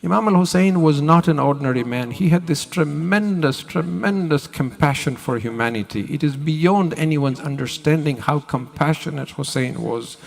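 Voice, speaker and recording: A man delivers a mourning sermon in a gravelly, slightly high voice, with a rasp of fry at the ends of his phrases. He tells the story plainly at first, then his voice rises and swells as the tragedy builds. Between passages he slips into slow, drawn-out chanted invocations. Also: big-room sound. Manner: voice rises and swells with emotion when retelling the tragedy. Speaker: preacher. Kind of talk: majlis sermon with chanted recitation.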